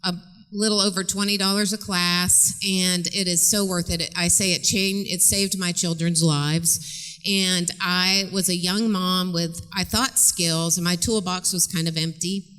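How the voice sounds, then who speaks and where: Guest counselor, woman, 50s, upstate New York, warm-humored storyteller; bright tone, long church reverb. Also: fairly low pitch, steady tone, a little slow, clean tone. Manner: chatty and joking. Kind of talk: church stage interview. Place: large church sanctuary.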